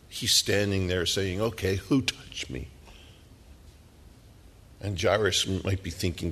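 A middle-aged man preaching a sermon, telling the story dramatically and dropping at times to hushed whispers. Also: low voice, fairly even intonation, takes it slowly, long pauses, big-room sound.

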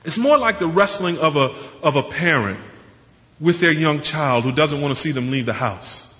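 A man's voice: fairly high pitch, expressive, moderate pace. Preaching man in an echoing hall. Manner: earnest, explanatory preaching with rhetorical questions. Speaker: pastor. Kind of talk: sermon. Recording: muffled sound with long hall reverb.

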